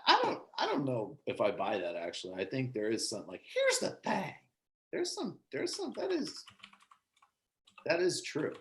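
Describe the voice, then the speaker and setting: A man's voice: medium pitch, wildly swooping pitch, normal speed, poor audio. A man hosting a casual remote talk show, joking and rambling with lots of fillers. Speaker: show host.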